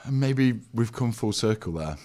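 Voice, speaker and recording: A man's voice: medium pitch, expressive, moderate pace, a little mellow. A man co-hosting a comedy podcast in a laid-back way, full of fillers and agreeing murmurs. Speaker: podcast co-host. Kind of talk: casual comedy chat.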